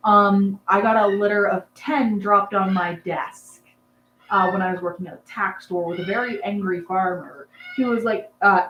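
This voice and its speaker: A chatty young woman hosts a relaxed livestream and rambles from one story to the next, filling the gaps with "um"s. Her voice sits at a mid pitch. It carries a noticeable room echo over a faint background hum. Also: moderate pace, highs cut off. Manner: rambling, chatty, lots of "um"s, laughs with the chat. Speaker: livestream host chatting with viewers. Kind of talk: casual live chat.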